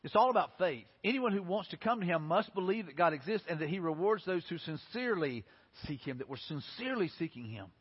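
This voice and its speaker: A man with a high, husky voice preaches a sermon in an earnest way that builds to impassioned pleading. His voice carries a long reverb in a large hall. The sound is dull and lo-fi. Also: sing-song, fairly quick. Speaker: pastor.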